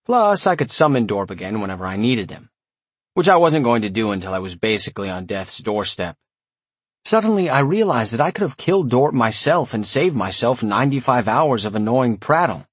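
A man narrating a first-person story in a wry, sardonic tone, with a husky voice. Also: mid-range voice, sing-song, fairly quick, no echo. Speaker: audiobook narrator.

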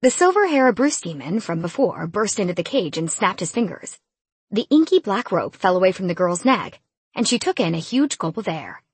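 A woman reading a first-person fantasy audiobook in an expressive, lively storytelling manner. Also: mid-range voice, moderate pace, slightly rough, no echo. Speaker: audiobook narrator.

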